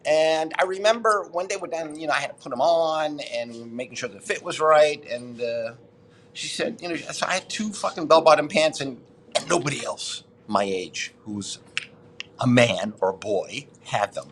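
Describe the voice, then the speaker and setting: A man's voice: fairly high pitch, expressive, moderate pace, fairly bright tone. Older guy in his 60s rambling thru a story, swears a lot, faint hum behind. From Boston, United States. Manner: rambling, profane, self-interrupting. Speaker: podcast guest. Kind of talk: casual storytelling interview.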